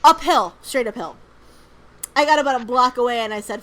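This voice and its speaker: Woman, podcast co-host, casual chat, rambling storyteller, filler words, swears, slightly high pitch. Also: a little fast, a bit bright, poor audio.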